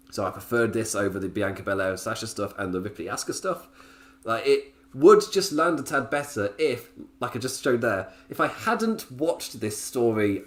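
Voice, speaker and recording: A man's voice: mid-range voice, fairly bright tone. Guy doing a solo wrestling podcast, chuckles a lot, voice bounces all over, wanders off topic. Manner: rambling, laughs often between points, goes off on tangents. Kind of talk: casual solo review podcast.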